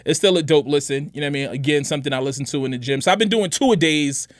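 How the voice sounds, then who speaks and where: A middle-aged man chatting on a podcast, laid-back and easy, with a voice pitched a little high for a man. He keeps tossing in "you know what I'm saying". The sound is close and dry. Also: very fast, no echo. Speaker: podcast co-host. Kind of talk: casual chat.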